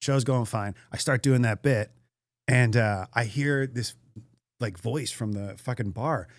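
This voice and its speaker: A man telling a story as a guest comedian in a casual podcast chat, animated and profane. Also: mid-range voice, a little slow, no echo.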